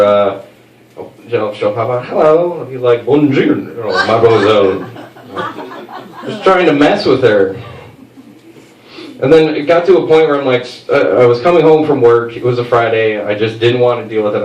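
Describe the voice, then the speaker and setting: Stand-up comic man, roomy distant mic. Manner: storytelling that jumps up into high put-on voices. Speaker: stand-up comedian. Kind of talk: stand-up comedy set.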